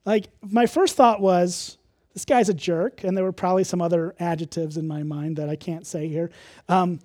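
Guy pastor preaching, chatty and self-deprecating, mellow voice, dry close sound. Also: high voice, fairly even intonation, moderate pace, dry recording. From Illinois. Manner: candid and conversational, with self-deprecating humor. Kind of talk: sermon.

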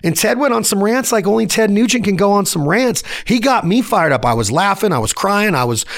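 A man's voice: high-pitched, expressive, fairly quick. A man in his forties hosting a podcast, giving a fired-up motivational solo rant in punchy, emphatic short sentences. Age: 40s. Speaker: podcast host.

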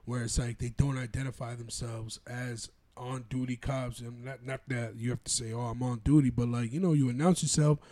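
A young man, co-hosting a casual podcast chat in a laid-back, agreeing way that trails off quietly. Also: mid-range voice, fairly even intonation, moderate pace, hardly any pauses, no room sound. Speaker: podcast co-host.

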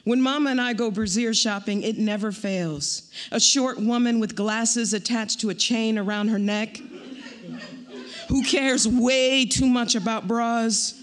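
Poet, female, live reading: wry and rhythmic, high voice. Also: fairly even intonation. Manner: wry, rhythmic delivery with pointed pauses.

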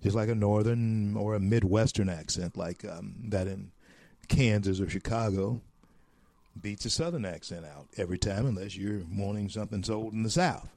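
An American talk show host delivers a folksy, preachy opinion monologue, drawing out phrases for emphasis. His lowish voice is steady and a little mellow, and the recording is dry.

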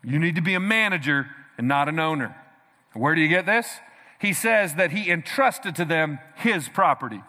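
A man preaching a sermon as pastor, with energetic, punchy delivery and call-and-response to the congregation. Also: fairly high pitch, moderate pace. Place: large church hall. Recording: reverberant church hall.

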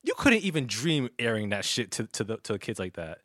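A man's voice: on the low side, very animated, a little fast, fairly bright tone, no room sound, studio quality. A man in his thirties hosting a podcast in a casual chat, laid-back and teasing, with lots of fillers. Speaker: podcast host.

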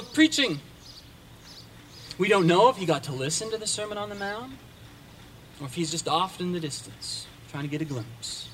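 High-voiced male preacher telling a story. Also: slight background noise. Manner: dramatic storyteller, varies pace and loudness. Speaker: pastor. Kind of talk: sermon.

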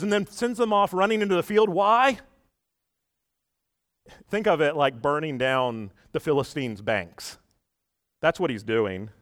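A man delivers a sermon in a slightly high voice, recorded close and dry. He tells the story with energy, getting loud on quoted lines and dropping low for asides, and keeps checking in with questions to his listeners. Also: no room sound. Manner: asks the listeners questions often. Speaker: preacher.

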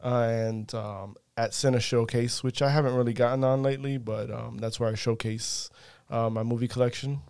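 A man's voice: medium pitch, fairly even intonation, normal speed, hardly any pauses, a little mellow, clean tone, no room sound. A man chatting as a podcast guest, hesitant, with many fillers and restarts. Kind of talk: casual chat.

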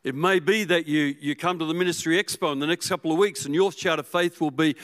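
A man preaching a sermon as pastor, telling the story with animation and swinging from loud to hushed. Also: on the high side, quick pace, few pauses.

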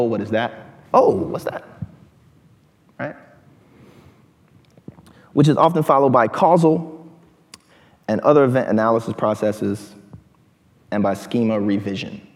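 A man giving an animated talk to a live audience in a lecture hall, often asking "right?". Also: lowish voice.

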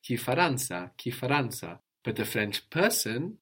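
A man teaching a language lesson, patiently drilling words, repeating a learner's answers slowly and praising them. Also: mid-range voice, sing-song, fairly bright tone, slightly rough.

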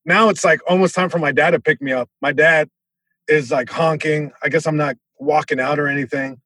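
A male comedian guest telling a story in an animated way, with many restarts and sound effects. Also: a little high, brisk, no echo.

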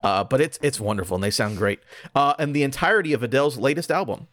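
A man co-hosting a comedy podcast, reading absurd sponsor copy in a dry, deadpan way. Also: medium pitch, fast, heavy background noise. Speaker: podcast co-host.

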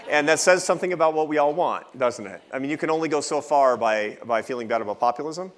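A man's voice: a little high, expressive, fast. A man in his fifties giving a lecture at a festival, telling a personal story with jokey asides. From United States. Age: 50s.

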